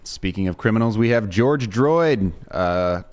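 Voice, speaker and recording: A man's voice: lowish voice, expressive, unhurried, a little mellow. A man co-hosting a livestream, reading viewer messages with dry asides. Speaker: co-host reading chat. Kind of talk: casual stream chat.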